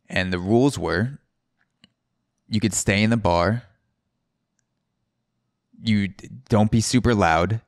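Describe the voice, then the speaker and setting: A man with a very low voice hosts a solo podcast, rambling through a story, restarting his sentences and swearing freely. His voice sounds close and dry, with no room echo. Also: clear, resonant tone. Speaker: podcast host. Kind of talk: casual solo podcast monologue.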